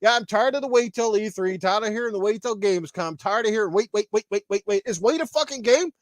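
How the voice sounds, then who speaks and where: A man's voice: sits high, fast talker, dry recording, clean studio sound. A man hosting a podcast, angry and heavily profane in a riled-up rant. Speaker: podcast host. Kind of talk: ranting gaming podcast.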